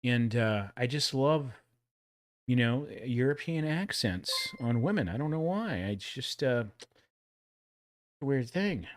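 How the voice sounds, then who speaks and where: A chatty Texan man in his forties hosts a casual livestream, rambling between clips and laughing at his own jokes. His voice sits at an ordinary middle pitch. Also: animated, slow, long pauses. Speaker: livestream host reacting to old commercials.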